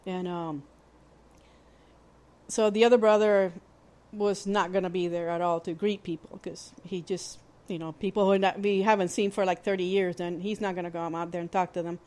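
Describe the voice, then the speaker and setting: A woman hosting a podcast, telling a personal story in a candid, plainspoken way, with halting restarts and fillers. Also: on the low side, fairly even intonation, darkish tone. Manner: candid and plainspoken, with mild swearing. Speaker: podcast host.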